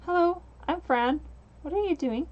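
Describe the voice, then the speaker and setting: A woman's voice: very high voice, moderate pace, voice pushed up. Woman doing a curious, polite young girl. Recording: dull lo-fi mic.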